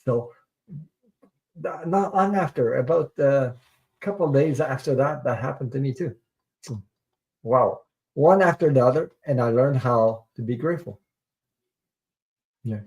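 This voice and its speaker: A man's voice: medium pitch, a little slow, long pauses, darkish tone. A man hosting a tarot live stream, telling a personal story in an earnest, rambling way and repeating words for emphasis.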